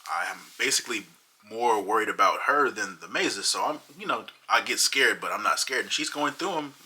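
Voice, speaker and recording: A man tells a funny story in a casual, animated way, with a low voice. His tone is very bright and forceful, with a husky edge. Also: fairly quick, rough recording. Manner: animated, dramatic retelling. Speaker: vlogger.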